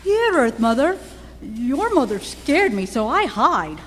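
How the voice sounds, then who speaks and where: A woman voicing a timid, naive young female dragon who speaks slow, halting broken English. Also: sits high, big pitch swings, fairly bright tone, long reverb tail, a little hiss or hum, exaggerated voice.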